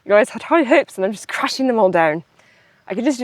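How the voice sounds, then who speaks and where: A woman's voice: on the high side, lively intonation, fast. A young woman talking casually in a farm vlog, chatty and self-mocking, laughing often. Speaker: farm vlogger. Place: outdoors on a farm, near a tractor sprayer.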